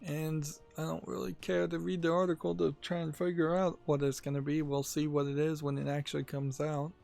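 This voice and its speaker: A man hosting a gaming channel, talking casually about game news in a rambling, halting way with many fillers. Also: on the high side, level tone, creaky, darkish tone, soft background music.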